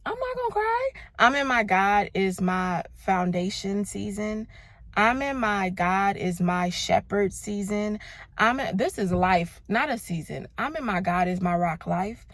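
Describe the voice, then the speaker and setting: A woman in her thirties from Los Angeles, gives an emphatic, expressive faith testimony in a casual vlog. Her pitch sits in a middle range. The recording is close and dry, with no room sound. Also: a little slow, no echo. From Los Angeles, United States. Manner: expressive, emphatic, calls listeners "baby" and "y'all". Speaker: vlogger.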